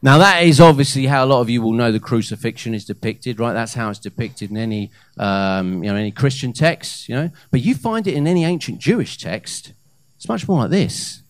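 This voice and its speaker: On a comedy club stage, a man in his thirties performs a live stand-up set into a handheld mic, mixing hesitant fillers with loud punchlines. His medium-pitched delivery is animated and brisk with few pauses, and there's no echo.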